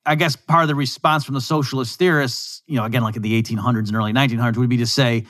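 A man hosting a casual economics discussion, talking in lively bursts and slipping into voices to quote people. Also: medium pitch, racing, hardly any pauses, no echo, clean studio sound. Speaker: podcast host.

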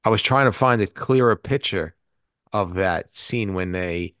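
A man's voice: low voice, measured pace, fairly bright tone, no echo, clean studio sound. A man co-hosting a podcast, talking through favorite film scenes in a rambling way with frequent restarts. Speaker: podcast co-host. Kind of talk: casual movie review chat.

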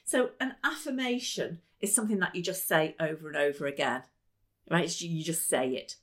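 A woman's voice: low voice, normal speed. A woman hosting a podcast as a life coach, talking in an enthusiastic, emphatic and chatty way. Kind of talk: motivational podcast talk.

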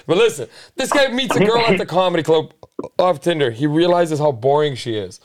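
A man hosting a casual chat, telling a crude story in an animated, laughing way. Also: a little high, brisk. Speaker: podcast host.

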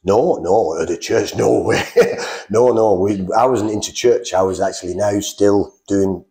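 A middle-aged man from England telling his life story in a casual, animated way, acting out the voices he quotes. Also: lowish voice, unhurried, creaky. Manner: animated, acts out quoted voices, frequent restarts. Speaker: guest telling his testimony.

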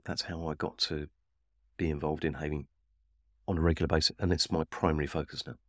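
Male trainer, very deep bass voice, dry close sound, reflective interview storytelling. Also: fairly even intonation, no room sound. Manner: reflective, unhurried storytelling with frequent restarts. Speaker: Havening trainer. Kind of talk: personal story told in an interview.

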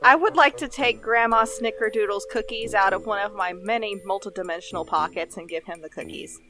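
A woman's voice: medium pitch, brisk, music in the background, rough recording. A woman playing a tabletop game in an eager, playful way. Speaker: player.

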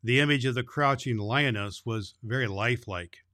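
A man reading a children's story aloud in character as Santa Claus, with gentle, measured narration. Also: medium pitch.

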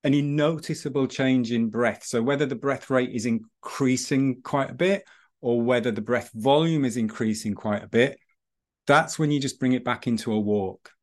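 A man's voice: medium pitch, normal speed. A man chats on a podcast about coaching runners. His mid-range voice wanders through anecdotes, circling back and restarting as he goes. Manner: storytelling, rambling with restarts. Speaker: breathing and running instructor. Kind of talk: casual podcast chat.

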